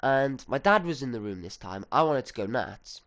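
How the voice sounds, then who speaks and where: A man's voice: mid-range voice, animated, normal speed, a bit bright. A teenage boy, telling a story in a casual, rambling way, swearing and acting out what others said. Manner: sweary, chatty, full of fillers and quoted dialogue. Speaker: storytime vlogger.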